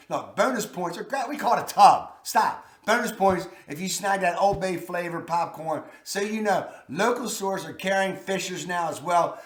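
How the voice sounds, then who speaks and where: A man with a Baltimore accent hosts his vlog in an eager, punchy way, tossing out quick exclamations. His voice sits high for a man. The recording has a noticeable roomy echo. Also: fairly bright tone. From Maryland. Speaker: vlog host. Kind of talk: casual presenting to camera.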